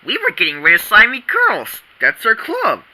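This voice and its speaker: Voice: mid-range voice, huge pitch swings, moderate pace, pushed and bright, full character voice, rough recording. A performer voicing a firm mother in a fan comic dub, scolding her son. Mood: stern.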